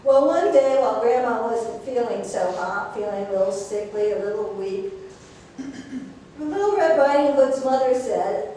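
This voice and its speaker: A woman's voice: on the high side, animated, normal speed, mellow, a little hiss or hum. A woman minister telling a fairy tale in a sermon, playful and chatty with the congregation. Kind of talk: storytelling sermon. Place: church sanctuary. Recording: echoey hall from far off.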